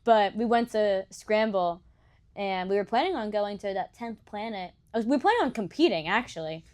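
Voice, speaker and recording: A woman's voice: mid-range voice, lively intonation, moderate pace, darkish tone. A young woman chatting casually on a podcast, often laughing as she tells a story. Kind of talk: casual chat.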